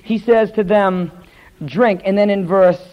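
A male pastor preaching a sermon, retelling scripture in a lively storytelling way and stumbling over hard names. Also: high-pitched, moderate pace, dull audio, faint music behind.

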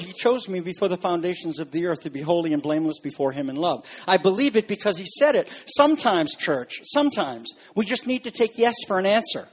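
A man preaching a sermon as a pastor, earnest and explanatory, pushing his voice higher for emphasis. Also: big pitch swings, a little fast, hardly any pauses. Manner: earnest, rises in pitch for emphasis. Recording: long reverb in a large room.

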